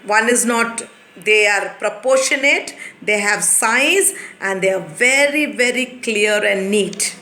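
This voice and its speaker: A woman teacher giving a lesson to young children, explaining patiently and repeating things slowly. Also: medium pitch, bright, forceful tone. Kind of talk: recorded classroom lesson. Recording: echoey room.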